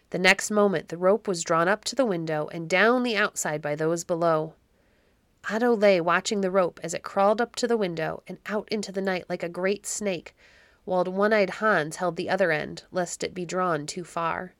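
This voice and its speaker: Woman, storybook narration, measured expressive reading, low-ish voice, dry sound. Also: dry recording. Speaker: audiobook narrator.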